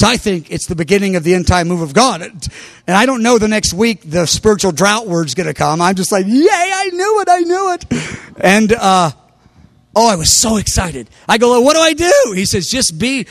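A man's voice: sits high, no echo. A man preaching, telling a story with animation and raising his voice when he quotes others. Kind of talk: sermon testimony.

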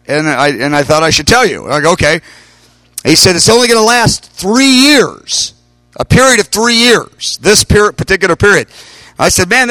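A middle-aged man preaches in an animated storytelling style, his fairly high voice jumping up whenever he quotes someone. The recording is close and dry, with no room sound. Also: no room sound. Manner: animated storytelling, quoting others in raised voice. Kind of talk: storytelling sermon.

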